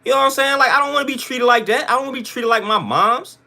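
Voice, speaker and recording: Speaking very fast in a very high, creaky voice with a sharp tone, a livestream host rants at his chat. He's emphatic and blunt, uses lots of slang, and keeps repeating his points.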